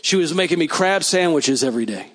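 A male preacher with a slightly high-pitched voice. He tells stories and then prays with fervent declarations over the congregation at a church service. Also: lively intonation, fast, a bit bright. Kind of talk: sermon with prophetic prayer.

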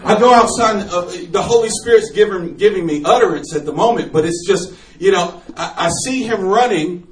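Male preacher, high voice, lively storytelling, big echoey church, far from mic. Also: moderate pace, few pauses. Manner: animated storytelling, laughing often, bursts into shouts. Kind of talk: sermon testimony.

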